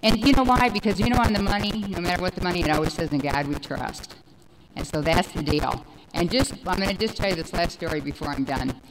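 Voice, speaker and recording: A woman's voice: on the low side, quick pace, background noise. Rambling, chatty woman telling a personal story. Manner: rambling, animated storytelling with many fillers. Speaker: speaker sharing recovery story. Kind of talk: personal testimony talk.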